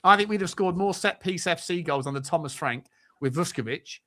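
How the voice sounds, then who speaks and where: A man hosts a football chat show. His voice sits a little high and sounds bright and forceful. He talks in quick, animated bursts of banter and often doubles back on his words. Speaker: podcast host.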